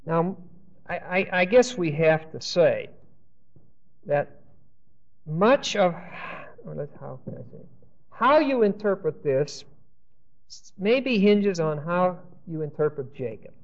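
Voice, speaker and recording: A man's voice: on the high side, big pitch swings, slow, long pauses. A man teaching a Bible class, thinking aloud with restarts and often checking in with "Okay?". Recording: dull lo-fi recording.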